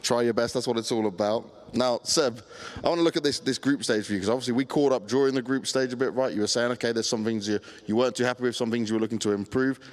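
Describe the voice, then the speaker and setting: A man's voice: mid-range voice, fast talker, hardly any pauses. A man interviewing players at an esports event, teasing and upbeat.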